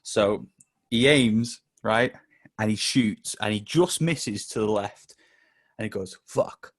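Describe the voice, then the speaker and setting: A man with a Mancunian accent and a lowish voice co-hosts a casual football podcast, speaking slowly. He's a sweary, jokey storyteller who curses freely and keeps the jokes coming.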